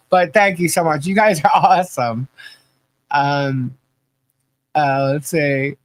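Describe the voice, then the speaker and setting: A woman's voice: deep voice, rough recording. Chatty woman hosting a live stream. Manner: chatty and halting, laughs often. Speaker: livestream podcast host reading chat. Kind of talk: casual live chat.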